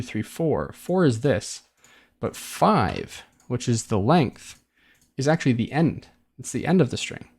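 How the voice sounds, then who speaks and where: Man casually explaining code on screen. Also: mid-range voice. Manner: relaxed and chatty, restarts phrases, thinks aloud with ums. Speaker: coding tutor. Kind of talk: casual screen-recorded coding tutorial.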